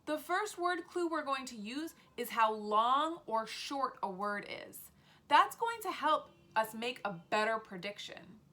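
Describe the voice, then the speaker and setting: A woman teaching an early reading lesson to preschoolers, speaking slowly and clearly with encouragement. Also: sits high, lively intonation, pushed and bright. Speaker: pre-k teacher.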